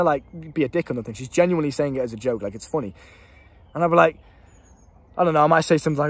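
A man's voice: on the high side, animated, quick pace, pauses often, no echo. A young man giving blunt dating advice straight to camera, swearing freely and laughing at himself. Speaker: dating coach. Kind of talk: casual advice monologue to camera.

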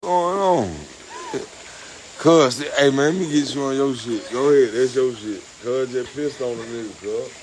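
A man's voice: mid-range voice, moderate pace, darkish tone, slight background noise, poor audio. Profane, indignant man by a pool. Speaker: vlogger. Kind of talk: casual banter. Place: outdoor pool at night.

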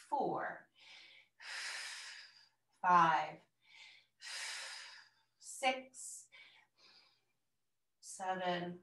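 Woman, fitness instructor, bright voice, calm encouraging cues, roomy and distant sound. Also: medium pitch. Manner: calm, encouraging cueing with audible exertion breaths. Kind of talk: guided workout instruction. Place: room at home, exercising on the floor.

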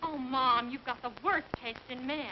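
A sassy young daughter teases her father with a dramatic flair, played by an actress. Her voice sits high. The old soundtrack is dull and faintly hissy. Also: fairly even intonation, normal speed, close to an everyday voice. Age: young adult. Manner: teasing, dramatic. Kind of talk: 1940s film comedy acting. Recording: dull 1940s film soundtrack with faint hiss.

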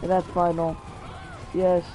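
A man's voice: high-pitched, takes it slowly, soft background music, low-quality recording. A man giving solo gameplay commentary, muttering and cursing at the game as he plays. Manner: excitable, mutters and curses at the game. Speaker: gamer.

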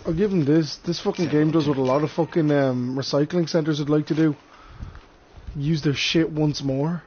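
A man's voice: fairly high pitch, steady tone, normal speed, a little mellow, muffled recording, slight background noise. A young man doing casual gameplay commentary, crude and sweary, laughing often as he jokes. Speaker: gamer.

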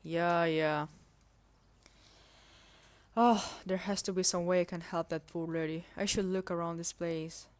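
Woman reading as an earnest college boy in a game, plain delivery, voice on the low side. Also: steady tone, a little slow, pauses often, natural voice. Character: young male college student, earnest and eager to help. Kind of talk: reading a visual novel game aloud.

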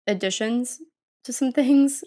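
A woman's voice: a little high, takes it slowly, dark tone. A woman chatting casually as a podcast co-host and writer, rambling with lots of fillers and restarts. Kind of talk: casual chat.

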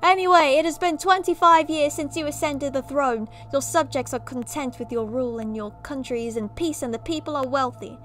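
A woman putting on a deliberately bad British accent to read a dark royal tale as a storybook narrator. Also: high-pitched, soft background music. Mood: mock-grand. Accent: put-on British. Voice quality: exaggerated, self-consciously bad accent. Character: hammy mock-British female storybook narrator.

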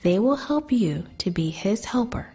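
A woman telling a children's Bible story in a gentle, soft manner, often dropping to a whisper. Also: medium pitch, expressive, normal speed, breathy edge.

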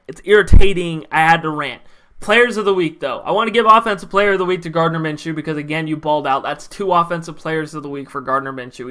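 Man, young adult, sports vlogger, heated ranting, profane, bright tense tone. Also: sits high. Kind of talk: ranting sports recap vlog.

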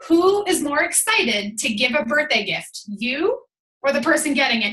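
A woman coaching her team over a call, energetic and emphatic, chatty with lots of "like"s. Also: high voice, normal speed, reverberant. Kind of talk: motivational team call talk. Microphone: call audio.

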